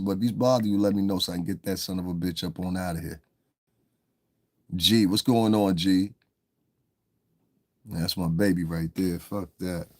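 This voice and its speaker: A man's voice: deep voice, dry recording, studio quality. A man hosting a live stream, talking loosely and with lots of cursing to viewers in the chat. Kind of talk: casual live-stream commentary.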